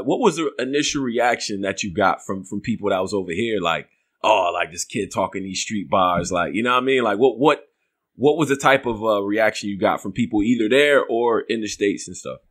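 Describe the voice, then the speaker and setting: Brief: New York host, casual, loose questions with lots of restarts and fillers. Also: male voice, medium pitch, lively intonation, brisk, fairly bright tone. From West New York. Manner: rambling, restarts often, "you know what I'm saying". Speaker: interview host.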